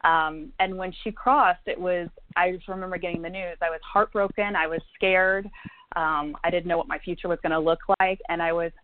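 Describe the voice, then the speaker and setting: A woman's voice: lowish voice, steady tone, moderate pace, slight background noise. A woman from Indiana, a psychic medium guest, telling a personal story in an interview with fillers and laughs. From Indiana, USA. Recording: tinny phone-like line, dry.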